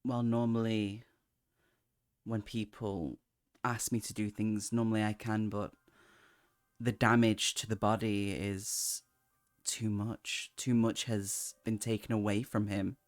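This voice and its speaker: A man voicing a calm, ancient female goddess of life who speaks in a measured, thoughtful way. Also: on the low side, no room sound. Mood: regretful.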